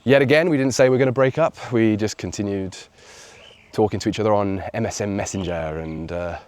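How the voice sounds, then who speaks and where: An English man tells a personal story for his video channel, his voice sitting a little low. He speaks reflectively and grows lively when he quotes other people. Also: fairly quick. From England. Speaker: vlogger.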